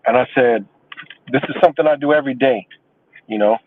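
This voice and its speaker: A man's voice: medium pitch, brisk, slight background noise. A man hosting a live stream, ranting about a message with profane, boastful scorn. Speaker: livestream host. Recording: dry, tinny phone-like sound.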